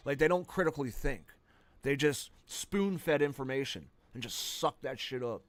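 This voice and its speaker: A man's voice: mid-range voice, animated, moderate pace, dry recording. A man streaming a video game, ranting casually with lots of swearing and restarts, breaking into angry outbursts when he dies. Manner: crude, profane, rambling rants with sudden outbursts. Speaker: gaming streamer. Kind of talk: casual gameplay commentary.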